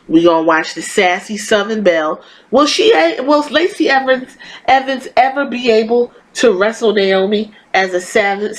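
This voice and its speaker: A woman's voice: mid-range voice, low-quality recording. A woman hosting a podcast, giving a casual wrestling review in a blunt, profane, exasperated and sarcastic rant. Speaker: podcast host.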